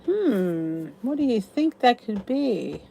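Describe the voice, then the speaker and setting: A middle-aged woman with a warm, mellow voice hosts a relaxed livestream from a cozy room at home. She chats freely, greets viewers by name, and reacts to their comments. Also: a little high, takes it slowly, gravelly. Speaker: host of a live weight loss chat. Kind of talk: casual livestream chat.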